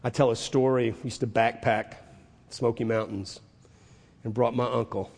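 A man preaching a sermon, moving from hushed asides to loud, emphatic declarations with drawn-out stressed phrases. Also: mid-range voice, steady tone, husky. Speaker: pastor. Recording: long hall reverb.

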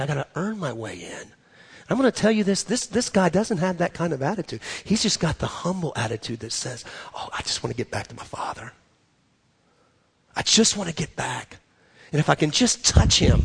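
A man preaching a sermon in an animated way, repeating phrases for emphasis. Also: a little high, creaky, breathy edge. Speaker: pastor.

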